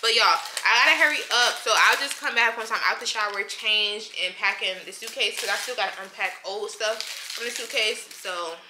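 Rushed, chatty young woman vlogging. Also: fairly high pitch. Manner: chatty, rushed, addresses viewers as y'all. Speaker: vlogger, nursing student. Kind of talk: casual vlog chat. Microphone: compact camera. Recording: echoey room with clear background noise.

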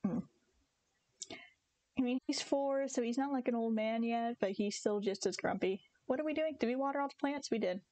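Chatty, slightly high-voiced young woman streamer. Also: moderate pace, mellow, no room sound. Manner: chatty, giggly, talks to her cats and chat. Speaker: game streamer. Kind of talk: casual live-stream chat.

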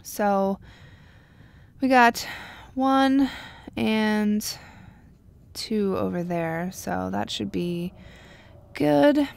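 A young woman casually commenting on her gameplay, chatty and wry, sometimes dropping to a quiet murmur. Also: medium pitch, very slow, vocal fry, long pauses. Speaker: gameplay video host. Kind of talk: casual let's-play commentary.

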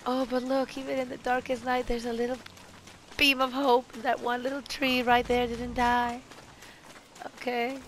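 Her voice sits a little high, with a flat delivery at an ordinary pace, as she hosts a let's play alone. She's chatty, addresses the game's characters, and gasps or laughs at mishaps, while game sounds and ambience stay clearly audible in the background.

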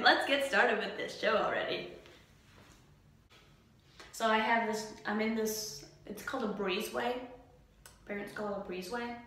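Talking casually to her camera, a young woman jokes about herself and laughs frequently. Her voice is a little high, pushed and bright, and the empty glass-doored indoor breezeway gives the clip a heavy echo off its bare surfaces.

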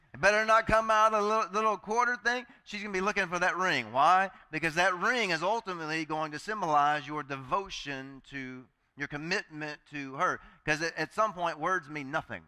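A man's voice: high voice, bright, forceful tone, clear, resonant tone. A male pastor preaching a sermon in a chatty, joking way, acting out the voices he quotes.

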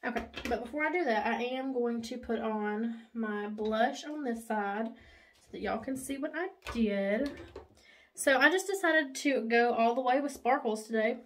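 A woman, chatting excitedly while doing her makeup in a casual vlog, gushing and chatty. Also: fairly high pitch, unhurried, slight background noise. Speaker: makeup vlogger. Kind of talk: casual get-ready-with-me chat.

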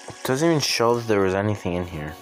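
With a lowish, sing-song voice at a quick pace, a young gaming streamer mutters and swears through casual commentary on a mobile game. Game music runs behind him and the recording is rough.

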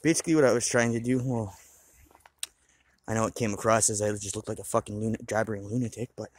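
Low-voiced, rambling, profane man. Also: steady tone, fast talker, no room sound. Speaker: vlogger. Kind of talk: rambling casual monologue.

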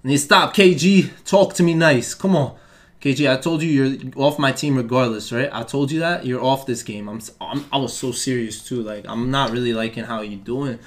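A young man, commentating his own basketball video game play, swinging between excited yelling and flat, deflated muttering. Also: mid-range voice, normal speed. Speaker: gaming YouTuber. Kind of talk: live gameplay commentary.

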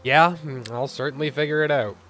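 A man's voice: on the high side, steady tone, fairly quick, a bit bright, soft background music. A young man hosting a let's play, giving profane, exasperated gameplay commentary.

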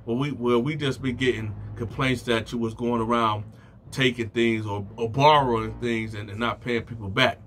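A man's voice: medium pitch, steady tone, moderate pace, fairly bright tone, slight background noise, voice pushed down, lightly acted. A man doing a timid, stammering guard. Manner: hesitant, stammering. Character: timid nervous male prison guards.

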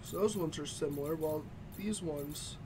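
A man's voice: on the high side, normal speed, noisy background. A man casually commenting as he plays a video game, chatty and thinking aloud. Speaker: gaming YouTuber. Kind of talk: let's play commentary. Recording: voice over game music.

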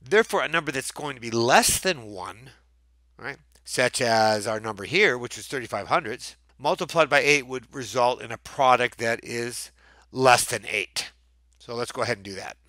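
A man's voice: medium pitch, moderate pace, pushed and bright, no room sound. A man teaching a recorded math lesson, patiently thinking aloud step by step.

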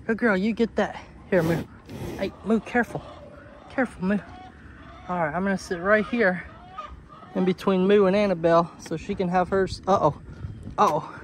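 A man talking casually to his goats on a homestead, coaxing and scolding them playfully, his voice jumping high when he is exasperated. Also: fairly even intonation, moderate pace, pauses often, slight background noise. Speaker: homesteader vlogger. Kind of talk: casual talk to farm animals. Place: outdoors on a homestead among goats and animals.

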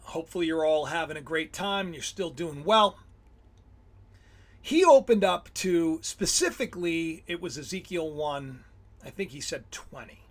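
Male livestream host with a high, husky voice. Rambling and excitable, keeps breaking off mid-sentence. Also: moderate pace. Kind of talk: casual livestream talk on Bible symbolism.

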